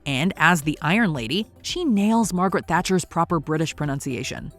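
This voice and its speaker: A woman narrates a scripted countdown in an upbeat, bouncy voice. Her pitch sits on the low side yet swings lively, with faint music beneath. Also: moderate pace.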